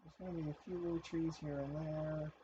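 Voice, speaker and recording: A man's voice: a little high, level tone, a little fast, warm tone, dull audio, a little hiss or hum. A man casually talking to himself as he builds a custom map in a game. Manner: chatty, talks to himself while building. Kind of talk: casual gameplay commentary.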